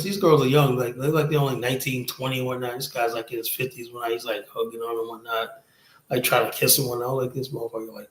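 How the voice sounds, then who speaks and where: A man's voice: mid-range voice, flat delivery, fast. Blunt, profane man in an echoey room. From United States. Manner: blunt, profane, rambling with constant "you know". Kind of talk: casual stream talk. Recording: roomy echoey sound.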